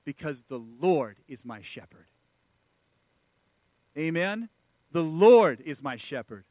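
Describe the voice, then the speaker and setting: A man's voice: fairly high pitch, sing-song, takes it slowly, darkish tone, no echo. A man preaching a sermon in a church, calling out to the congregation. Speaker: pastor.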